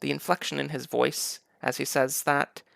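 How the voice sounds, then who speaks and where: A man's voice: medium pitch, flat delivery, normal speed, creaky, a bit bright, smooth, no echo, studio quality. A man giving sarcastic, mocking political commentary over video clips. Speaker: commentary YouTuber.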